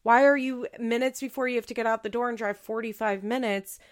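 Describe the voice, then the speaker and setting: A woman's voice: fairly high pitch, fairly even intonation, a little fast. A woman giving casual commentary as a podcaster, blunt and profane, with frequent "like" fillers. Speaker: reality TV recap podcaster.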